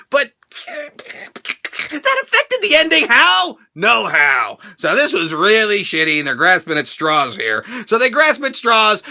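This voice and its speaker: A man's voice: extremely high pitch, gravelly, pushed and bright. A man ranting in a profane, sarcastic reaction vlog about a wrestling show.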